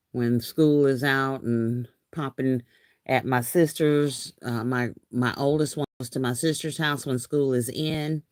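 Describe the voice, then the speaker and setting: A woman's voice: rumbling low, clean tone, dry recording. Woman, 50s, live-stream host, chatty, laughs a lot, dry close sound. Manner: chatty, laughs often, says y'all a lot. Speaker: craft channel host. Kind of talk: casual live-stream chat reading comments.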